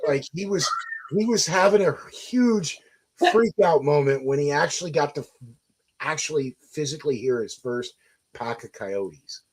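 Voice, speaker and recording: A middle-aged man with a husky, slightly breathy voice, chatting on a live stream. He tells his stories in long, meandering runs. He swears freely and backs up to restart his sentences. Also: on the high side, lively intonation, moderate pace, poor audio. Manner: rambling, profane storyteller, restarts often. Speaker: guest. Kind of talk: casual live-stream chat.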